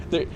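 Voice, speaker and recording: Game music plays behind this young Southern man as he streams, offering casual commentary full of jokes and curses aimed at himself and his chat. The audio has its highs cut off and carries background noise.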